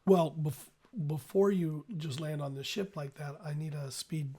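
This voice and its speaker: A man narrating as game master, describing scenes in a loose, halting way with restarts. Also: fairly high pitch, warm tone, breathy edge.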